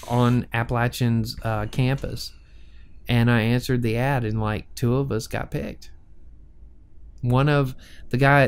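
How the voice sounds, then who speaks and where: A man in his forties telling relaxed stories on a podcast. His voice sits in the middle range. He laughs easily as he talks. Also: mid-range voice, clear, resonant tone. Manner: chatty storyteller who laughs often. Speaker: podcast co-host. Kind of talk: casual chat.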